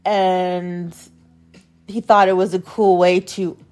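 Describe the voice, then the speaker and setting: A woman's voice: on the low side, flat delivery, slow pace, darkish tone, soft background music. A woman hosting a podcast, telling a story in a casual, profane, indignant rant, with lots of filler words. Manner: heavy use of filler "like". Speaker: podcast host.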